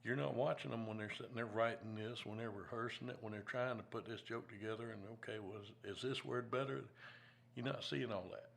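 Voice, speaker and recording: A male host in a casual chat talks in an earnest, reflective way with plenty of "you know"s. His voice has a gravelly edge and sits in a middle pitch. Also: fairly even intonation, fast talker, hardly any pauses, fairly bright tone, a little hiss or hum. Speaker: host, comedian.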